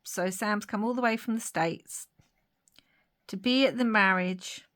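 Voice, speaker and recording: A young woman chatting casually to her viewers while she crafts, laughing often and dropping into soft whispered asides. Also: mid-range voice, a little slow. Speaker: craft vlogger.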